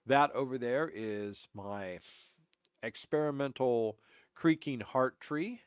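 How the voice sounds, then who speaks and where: A man's voice: medium pitch, slow, clean tone, no room sound, studio quality. A man streaming a game, congested and stuffy-voiced from allergies, giving a rambling, self-correcting walkthrough of his builds. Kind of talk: casual gameplay commentary.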